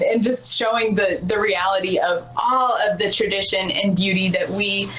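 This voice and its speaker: A woman's voice: mid-range voice, steady tone, normal speed, hardly any pauses, fairly bright tone, poor audio. Earnest woman podcast guest. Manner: earnest, laughs easily. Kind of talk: casual interview chat.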